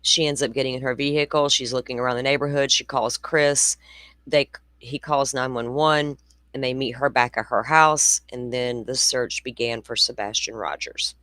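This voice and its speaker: A woman's voice: extremely low pitch, fairly even intonation, normal speed, a bit bright, no echo. A woman in her forties hosting a true crime show, talking in a chatty, blunt way with rambling asides. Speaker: true crime podcast host. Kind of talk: casual livestream commentary.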